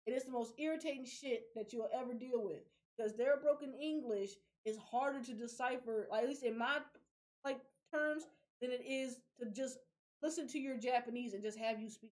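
A young adult woman hosting a podcast in casual chat, animated and profane, laughing often. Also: on the high side, normal speed. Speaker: podcast host.

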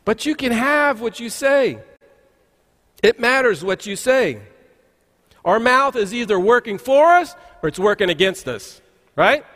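A man's voice: very high-pitched, sing-song, a little slow, long pauses, fairly bright tone. A man, a pastor, preaching a conversational sermon in a church sanctuary, telling folksy stories with frequent "uh" restarts. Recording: long reverb of a large church hall.

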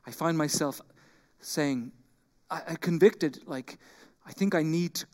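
A man preaching a sermon as pastor, animated, acting out quoted complaints and then dropping into quiet intensity. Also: a little high, a little slow. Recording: long hall reverb.

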